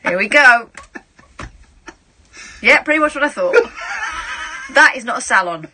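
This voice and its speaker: A woman's voice: on the high side, lively intonation, measured pace, bright, forceful tone, a little hiss or hum. A woman co-hosting a late-night radio show, making dry, wry asides. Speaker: radio co-host.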